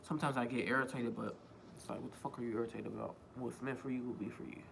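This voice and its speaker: A man's voice: mid-range voice, steady tone, fast, vocal fry, fairly bright tone, a little hiss or hum. A man vlogging a casual storytime on a phone, rambling, repeating himself and swearing freely. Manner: rambling, profane, self-repeating.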